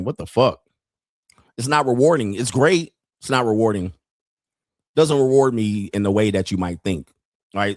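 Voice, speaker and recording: A man's voice: fairly low pitch, no room sound. Blunt profane man ranting, dry sound. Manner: blunt, heavy swearing, laughs often. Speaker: podcast host. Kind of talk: profane livestream rant.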